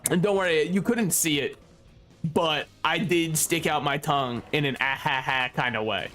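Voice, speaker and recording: A young man's slightly high, fairly bright voice moves at a normal speed as he casually comments on a game he's streaming. He's joking and sarcastic, laughs frequently and swears freely, with faint game music behind him.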